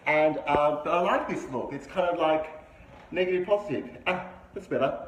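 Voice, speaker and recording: A man's voice: a little high, moderate pace. A middle-aged man hosting a live-streamed vlog from an indoor room, talking enthusiastically and greeting his viewers by name. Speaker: livestream host. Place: indoor room with a window view. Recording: noisy livestream audio.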